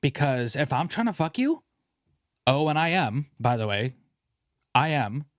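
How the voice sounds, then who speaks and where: A young man hosting a casual podcast, ranting in an animated way and swearing freely. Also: mid-range voice, measured pace, dry recording, studio quality. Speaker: podcast host.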